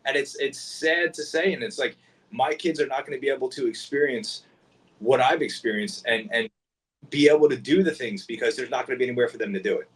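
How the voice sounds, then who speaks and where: A man hosting a podcast, telling stories in a relaxed, conversational way. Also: mid-range voice, fairly quick, slightly rough, low-quality recording. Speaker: podcast host. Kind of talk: casual chat.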